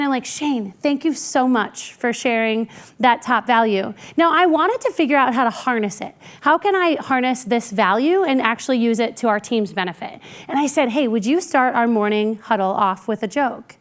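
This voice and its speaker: A woman speaking as a keynote speaker, telling workplace stories conversationally and acting out what people said in quieter voices. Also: high-pitched, brisk, few pauses. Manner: lively, acts out quoted people in quieter voices; conversational with frequent "like" and "right?". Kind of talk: keynote storytelling.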